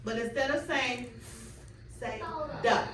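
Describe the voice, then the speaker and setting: A young woman student teacher leading a class in a phonics drill, with clear, drawn-out prompts and quick praise, recorded in a classroom by a camera at a distance. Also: fairly high pitch. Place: classroom full of children. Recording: echoey, distant classroom recording with background noise.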